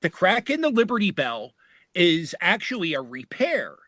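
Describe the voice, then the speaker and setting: Animated American man with a Philadelphia accent. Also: high-pitched, moderate pace, no echo. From United States. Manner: animated storyteller, laughs often. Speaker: podcast guest. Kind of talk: casual chat.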